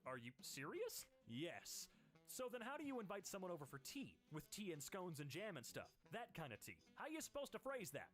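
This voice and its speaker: A man reading internet posts aloud for comedy, switching voices quickly between posters. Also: sits high, wildly swooping pitch, fairly bright tone, soft background music. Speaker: host.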